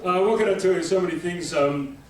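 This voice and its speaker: A man's voice: sits high, a little fast. A man doing a stand-up comedy set on a club stage, chatty and punchy, constantly checking in with the crowd. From Australia. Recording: echoey room taped from far off with crowd noise.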